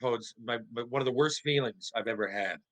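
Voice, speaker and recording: A middle-aged man, a former pro hockey player and podcast guest, tells stories in casual conversation. He is animated and profane, restarts often and asks rhetorical questions. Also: medium pitch, fairly quick, low-quality recording.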